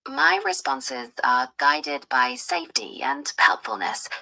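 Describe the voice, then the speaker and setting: A synthetic female AI assistant voice, polite and measured, with formal phrasing. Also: a little high, wildly swooping pitch, creaky, sharp tone, poor audio.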